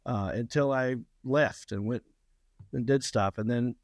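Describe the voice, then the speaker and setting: A man's voice: mid-range voice, unhurried, no echo. Southern guy telling stories, kinda rambly, trips over words, dry sound. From North Carolina. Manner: rambling storyteller, stumbles and repeats words. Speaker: guest comedian. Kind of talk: casual chat.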